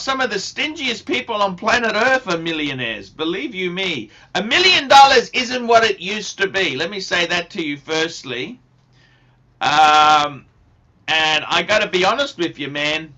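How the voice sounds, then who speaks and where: Excitable guy hosting a livestream, high voice, unhurried, keeps repeating himself. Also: slight background noise, rough recording. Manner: enthusiastic, repeats words and phrases. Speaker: livestream host. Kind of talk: casual livestream chat answering viewer questions.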